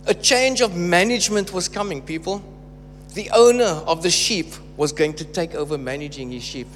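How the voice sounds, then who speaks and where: A man's voice: high voice, moderate pace, soft background music. A man preaching a sermon, emphatic and repeating phrases for stress. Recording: reverberant hall with faint hum.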